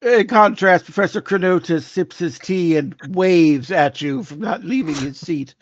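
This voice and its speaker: Man in character as a wry old professor, slightly high voice, dry muffled call audio. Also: measured pace, hardly any pauses, dry recording. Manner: wry, self-deprecating in-character speech. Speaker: player voicing Professor Chronotis. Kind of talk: in-character tabletop role-play.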